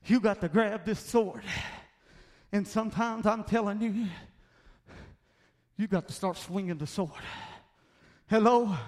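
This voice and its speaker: A man preaching a sermon, pressing his points with repeated "Hello?" and "Amen?" and acting out bold declarations. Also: sits high.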